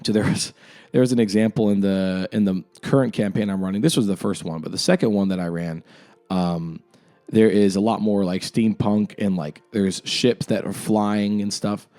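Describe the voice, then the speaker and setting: A man's voice: lowish voice, steady tone, normal speed, warm tone. A young man, a game master, talking casually about his campaign world, rambling with lots of fillers. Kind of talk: casual lore talk. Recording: music in the background.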